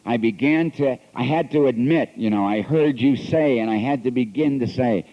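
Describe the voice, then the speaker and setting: A man's voice: mid-range voice, normal speed. Man on an old lo-fi talk tape. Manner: earnest confessional storytelling, swings between hushed and emphatic. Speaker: priest sharing at an AA convention. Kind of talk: recovery talk. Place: convention hall. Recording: dull lo-fi 1980s tape recording.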